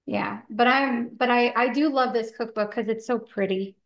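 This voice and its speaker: A woman's voice: on the high side, moderate pace. Chatty woman co-host, echoey room. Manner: chatty, many fillers, laughs often. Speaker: podcast co-host. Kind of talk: casual chat while baking.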